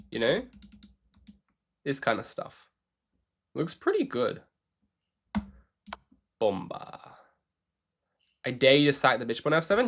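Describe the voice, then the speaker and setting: A man's voice: medium pitch, a bit bright. A young man chatting casually with his live-stream audience while playing chess, joking and answering questions.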